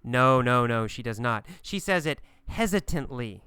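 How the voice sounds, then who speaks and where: A man teaching an English lesson, speaking slowly and emphatically and repeating phrases for learners to copy. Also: mid-range voice, lively intonation, pushed and bright, clear, resonant tone, no room sound. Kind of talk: scripted language lesson.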